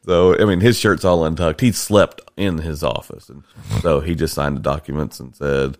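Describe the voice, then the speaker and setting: A man's voice: very deep voice, moderate pace, dry recording, clean studio sound. A man hosting a casual podcast with his father, telling stories with laughter and teasing. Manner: animated, laughing, teasing storyteller. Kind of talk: casual chat.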